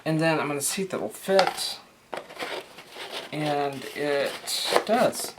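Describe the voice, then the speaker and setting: A man's voice: fairly high pitch, slow, heavy background noise. A man talking casually through a craft tutorial, rambling with lots of fillers and restarts.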